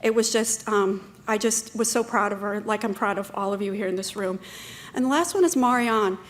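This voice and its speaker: In a conference room, a woman presents a talk in a chatty manner, full of fillers and restarts. Her voice sits in the mid-range and she keeps a moderate pace.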